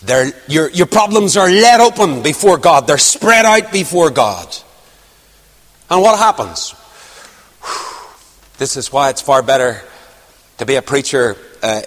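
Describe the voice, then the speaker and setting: A man preaching a sermon, emphatic, rising to near-shouts on key points. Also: mid-range voice, in a large hall.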